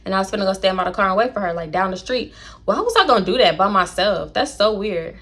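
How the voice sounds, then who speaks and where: A woman's voice: medium pitch, expressive, fast talker, fairly bright tone, breathy edge. A young woman tells a personal story to her audience. She is blunt, chatty and swears freely, talking straight at the camera like she is catching up with friends. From Houston, Texas. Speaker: storytime vlogger.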